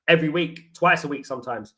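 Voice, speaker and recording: A man hosts a football watchalong stream, rambling through stories and calling his viewers guys and mate. His voice is bright and sits slightly high, with a loose, casual chat style. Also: normal speed, low-quality recording. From London. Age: 40s. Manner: chatty storytelling, addresses viewers as guys and mate. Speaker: host of a football fan watchalong.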